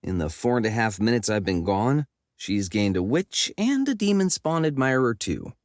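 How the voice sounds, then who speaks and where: A man's voice: lowish voice, very animated, normal speed, dry recording, studio quality. A man narrating a comic fantasy audiobook in first person, wry and self-mocking.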